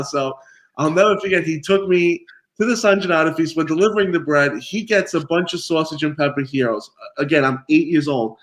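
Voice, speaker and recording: A man from New York, a guest pizzaiolo, telling stories in a relaxed interview and laughing often. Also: on the high side, a little fast. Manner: animated storyteller, laughs often. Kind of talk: casual interview chat.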